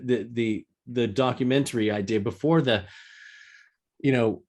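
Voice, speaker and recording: A man on a podcast as a guest, chatting casually with a halting delivery and frequent restarts. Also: mid-range voice, a little mellow. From grew up as a military kid on Okinawa. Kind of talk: casual conversation. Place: lives in London.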